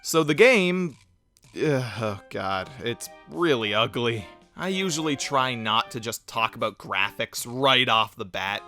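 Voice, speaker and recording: A man's voice: medium pitch, bright, forceful tone. A man narrating a comedic video game review in a sarcastic way, breaking into exaggerated outbursts of mock dismay.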